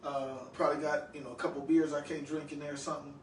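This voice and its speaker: A man's voice: fairly high pitch, little pitch movement, fast talker, slight background noise. A man in his fifties talking loosely to the camera in a home room, telling stories with lots of asides to the listener. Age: 50s. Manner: loose, chatty storytelling with frequent asides to the listener. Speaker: vlogger. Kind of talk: casual vlog monologue. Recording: roomy, far from the mic, music behind.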